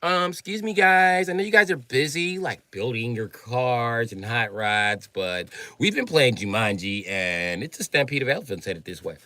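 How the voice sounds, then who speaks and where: Man playing a hesitant, apologetic woman; bright tone, dry close mic. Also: medium pitch, lively intonation, moderate pace, few pauses, no echo, voice pushed down. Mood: sheepish. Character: timid woman asking men for help.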